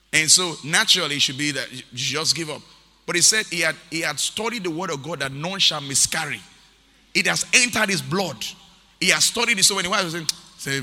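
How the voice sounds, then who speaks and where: A man preaches with a cutting, forceful brightness and a voice sitting a little high. His words ring out into a large church hall with a long reverb tail. He drives his points home by repeating them and reads scripture aloud between them. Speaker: pastor. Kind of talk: sermon.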